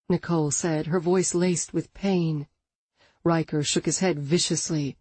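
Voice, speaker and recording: Husky woman narrating an audiobook. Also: sits low, measured pace, dry recording. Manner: expressive, dramatic reading. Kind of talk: scripted narration.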